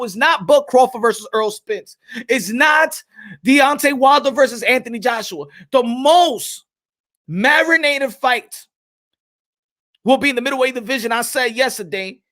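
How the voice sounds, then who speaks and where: This boxing talk show host is a man whose voice is very high, bright, and forceful. Riffing to his audience, he hypes things up with animated emphasis and drawn-out words, in a loose, unscripted style much like live commentary banter.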